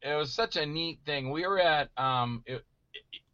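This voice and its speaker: Animated storytelling man, bright voice. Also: fairly high pitch, measured pace, no room sound, lo-fi sound. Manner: animated, acts out quoted voices loudly. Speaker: guest actor telling stories. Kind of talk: casual storytelling chat.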